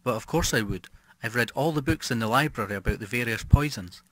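A man reading the part of a calm, cold middle-aged wife who plots a poisoning, speaking quietly and primly. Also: medium pitch, fast talker, close to an everyday voice.

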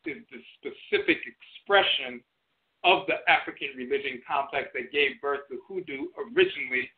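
A man hosting an internet radio show, lecturing in a didactic, emphatic way and repeating key phrases. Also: fairly high pitch. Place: internet radio broadcast by phone. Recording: tinny phone-line audio.

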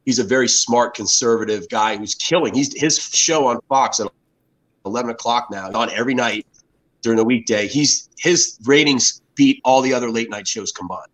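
A man's voice: mid-range voice, normal speed, rough recording. An American man in his fifties, a guest telling rambling stories in a casual interview, often restarting his sentences. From United States. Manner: rambling storyteller with frequent restarts.

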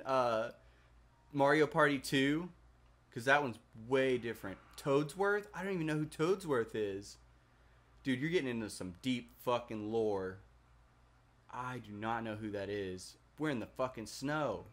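A young man casually commenting while he plays a video game, swearing often and chatting with viewers. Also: mid-range voice. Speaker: gaming video host.

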